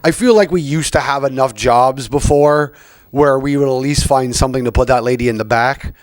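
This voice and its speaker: A man's voice: medium pitch, a little fast, no echo. A man hosting a podcast, ranting casually with lots of fillers and swearing. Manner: rambling, profane, frequent fillers. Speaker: podcast host. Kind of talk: casual rant.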